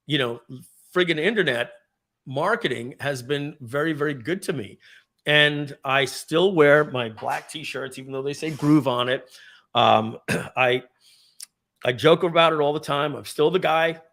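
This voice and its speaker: A man giving a storytelling speech at a company event, animated and profane, with frequent throat clearing. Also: on the high side, measured pace, long pauses. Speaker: speaker at a company party.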